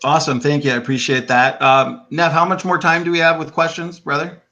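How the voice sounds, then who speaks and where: A man's voice: a little high, little pitch movement, pushed and bright, lo-fi sound. A man moderating a debate, reading viewer questions aloud with frequent ums. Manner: halting, reads out viewer questions with fillers.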